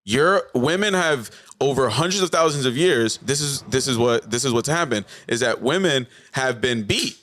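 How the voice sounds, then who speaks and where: A man from South Florida, a comedian guest on a podcast, telling stories in an animated way and acting out bits of dialogue. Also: mid-range voice, normal speed, hardly any pauses. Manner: animated storyteller, acts out dialogue. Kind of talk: casual podcast chat.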